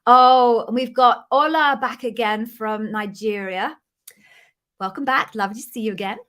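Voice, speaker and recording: A woman's voice: on the high side, moderate pace, fairly bright tone. A middle-aged British woman with a cold, hosting a casual live stream from her home office and greeting viewers in an apologetic, chatty way. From Britain. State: has a cold. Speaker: livestream host, former Amazon interviewer. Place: home office with sound-absorbing panels. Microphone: webcam live stream.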